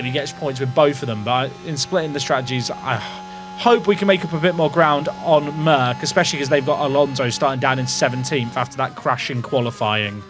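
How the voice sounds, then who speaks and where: A man hosting and commenting on his racing management game, thinking aloud about strategy with wry asides to his chat. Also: on the high side.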